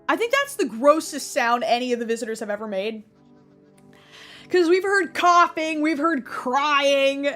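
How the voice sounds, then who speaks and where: Bright, high-voiced woman streamer. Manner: sarcastic, excitable, swears casually. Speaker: gaming streamer. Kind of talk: gaming commentary.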